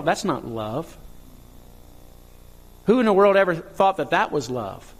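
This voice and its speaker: A male pastor preaching a sermon, reading scripture and rising to impassioned high cries. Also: very animated, a little slow. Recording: long hall reverb.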